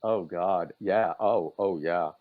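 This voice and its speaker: A man, a podcast guest and author, telling stories in a casual way and acting out quotes with big swings in pitch. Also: slow, narrow, tinny audio, over a noisy crowd. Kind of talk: casual storytelling.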